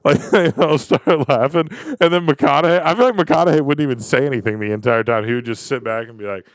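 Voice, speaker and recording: A man's voice: medium pitch, fast, no room sound. A man co-hosting a podcast, chatting casually and acting out funny scenes. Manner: animated storyteller who acts out scenes. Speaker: podcast co-host.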